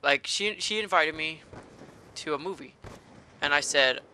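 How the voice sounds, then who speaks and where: A man's voice: a little high, a little slow, bright, forceful tone, slight background noise. A man doing live gameplay commentary, ranting and cursing in a fired-up rage. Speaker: gaming commentator.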